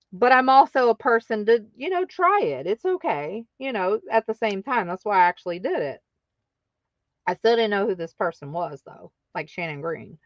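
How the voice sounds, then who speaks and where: A woman's voice: fairly high pitch, no room sound, dull audio. A woman hosting her craft channel, telling a story casually and acting out other people's lines in exaggerated voices.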